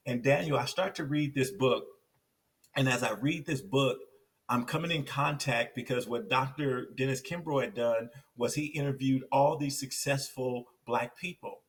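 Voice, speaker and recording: A man from Compton, California, a guest on a podcast, telling his life story in a lively way and repeating phrases for emphasis. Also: medium pitch, moderate pace, far from the mic. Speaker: podcast guest, success coach.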